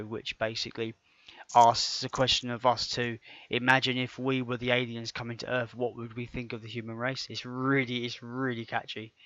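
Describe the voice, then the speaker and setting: A man's voice: medium pitch, fairly bright tone, dry recording. A man co-hosting a podcast, talking casually and enthusiastically with many restarts. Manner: rambling, stumbling restarts, enthusiastic. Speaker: podcast co-host. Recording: dull dry lo-fi podcast audio.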